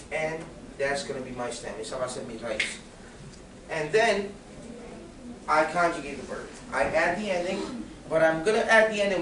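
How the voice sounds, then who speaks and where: Recorded from across an echoey classroom, a man with a fairly high, slightly bright voice teaches Spanish grammar to a class. He's patient and keeps checking that students follow, asking questions and saying "okay?" A little background noise sits under the lecture.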